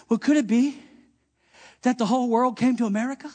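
A male pastor with a strikingly high voice preaches a fiery sermon in a church service. He swings from hushed asides to shouted peaks and answers objections he imagines from the crowd. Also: a little fast.

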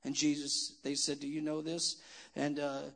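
A man preaching a sermon in church as pastor, asking the congregation questions and swinging from quiet talk to shouting. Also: on the high side, monotone, normal speed.

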